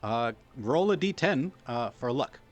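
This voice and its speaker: A man's voice: medium pitch, animated, unhurried. A young man running a tabletop game as game master, talking loosely with many fillers and restarts.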